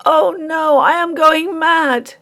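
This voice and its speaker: A woman's voice: very high-pitched, steady tone, slow, bright, forceful tone, pitched above the performer's own voice, heavily acted. A woman voicing a desperate, wretched young woman who pleads earnestly.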